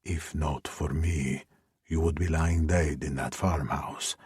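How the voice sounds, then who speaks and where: A male narrator voicing a possessive mafia leader, speaking low and half-whispered. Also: steady tone, slow, darkish tone, breathy edge, dry recording, studio quality, full character voice. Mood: hushed.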